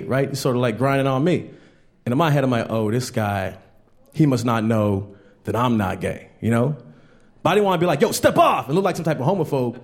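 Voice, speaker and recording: A man performing a stand-up comedy set on stage, telling stories and mimicking people in animated voices. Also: fairly high pitch.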